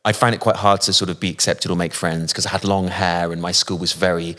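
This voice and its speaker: Low-voiced man telling reflective stories. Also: level tone, a bit bright. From England. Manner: thoughtful, anecdotal, frequent pauses and fillers. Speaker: guest musician. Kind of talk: casual interview, reflective storytelling.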